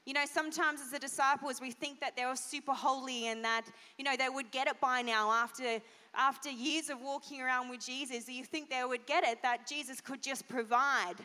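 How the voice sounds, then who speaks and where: A woman pastor giving an animated children's sermon, asking the kids questions. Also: high-pitched, a little fast. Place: church hall. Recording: long church hall reverb.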